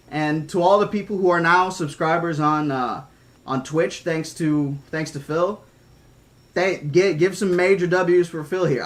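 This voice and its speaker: A man streaming live, emotional and near tears, stammering out thanks to his viewers in casual chat. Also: on the high side. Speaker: streamer reading a novel aloud.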